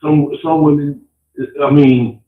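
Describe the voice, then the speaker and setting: A man's voice: on the high side, flat delivery, takes it slowly, roomy sound, narrow, tinny audio. A man with a Chicago accent calling into a talk show, blunt and laid-back, swearing casually. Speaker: caller. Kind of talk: casual phone-in chat.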